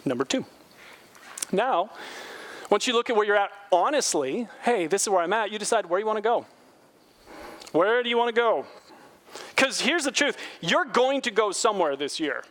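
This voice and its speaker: A man's voice: high voice, animated, normal speed, long pauses, fairly bright tone. A man preaching a sermon as a pastor, emphatic, repeating key phrases and asking the congregation rhetorical questions.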